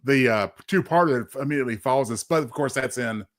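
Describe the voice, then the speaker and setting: A man co-hosting a casual review show, lively and quick to laugh. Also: medium pitch. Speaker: podcast co-host.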